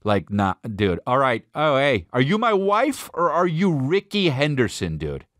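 A man's voice: mid-range voice, huge pitch swings, unhurried, a bit bright, dry recording, studio quality. A man hosting a podcast, telling a crude, rambling comedic story. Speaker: podcast host.

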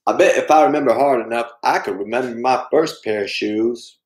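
A man doing an impression of a slow, earnest, simple-hearted man. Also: mid-range voice, lightly acted. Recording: echoey room.

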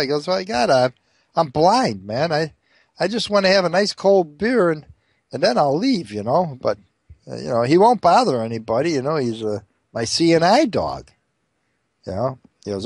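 A man telling crude jokes as an animated storyteller, doing many character voices. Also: medium pitch, normal speed, slightly rough, no room sound, studio quality. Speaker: joke teller.

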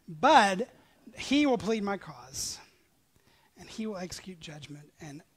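A man preaching a sermon as pastor, reading scripture with passion and moving between loud emphatic lines and hushed near-whispers. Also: sits high. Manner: reads scripture aloud with passion.

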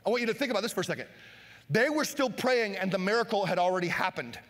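A pastor preaching a sermon, animated, acting out Bible scenes and shouting for emphasis. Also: male voice, sits high, fast. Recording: long hall reverb.

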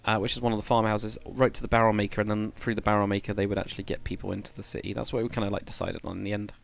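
A man's voice: on the low side, little pitch movement, very fast, vocal fry, a little hiss or hum. Chatty man streaming. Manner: rambling, self-correcting, chatty with viewers. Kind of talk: casual live-stream chat while building.

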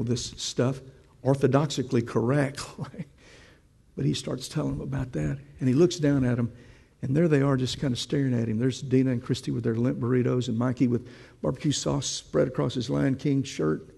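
A man's voice: mid-range voice, gravelly, dark tone, slightly rough, long reverb tail. A man preaching a sermon, telling a story and asking the congregation questions in a conversational way.

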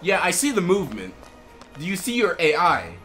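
A young man giving profane, sarcastic gameplay commentary, swinging from muttered gripes into shouting and laughter. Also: high-pitched, wildly swooping pitch, moderate pace, soft background music. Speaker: gaming commentator.

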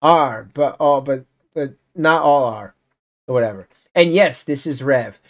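Host, mid-pitch, unhurried delivery; reads messages aloud and cuts in with sarcastic, exasperated asides. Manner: exasperated, sarcastic remarks between readings. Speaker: channel host reacting to messages. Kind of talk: casual commentary reading messages aloud.

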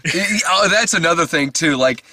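A man's voice: a little high, moderate pace, slight background noise. A man co-hosting a casual movie review chat who riffs with frequent laughs and profanity. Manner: profane, laughing, animated riffing. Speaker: podcast co-host.

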